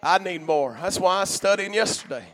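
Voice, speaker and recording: A male preacher delivers a fiery church sermon at a brisk pace, swinging between shouted bursts and low murmurs in a call-and-response cadence.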